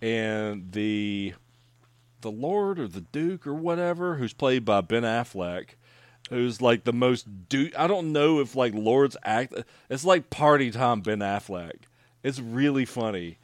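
A man's voice: mid-range voice, expressive, slow pace, no room sound. Guy rambling thru a movie recap, swears a lot, lots of ums, dry close sound. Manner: rambling, profane, with fillers. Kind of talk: casual movie chat.

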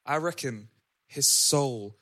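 A man co-hosting a casual podcast, talking with animated enthusiasm. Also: medium pitch, slow, dry recording, studio quality. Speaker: podcast co-host. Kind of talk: casual chat.

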